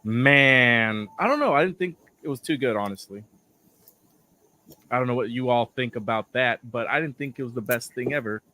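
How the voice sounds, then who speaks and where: A man with a hoarse voice he is losing, co-hosting a casual wrestling chat and giving blunt opinions. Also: medium pitch, moderate pace, sharp tone. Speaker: podcast co-host.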